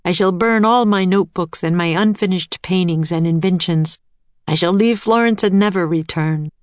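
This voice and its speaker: Woman doing a low, heartbroken old inventor. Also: moderate pace, dry recording, lightly acted. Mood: sorrowful. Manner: quiet, weary and low. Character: sad, defeated older male inventor.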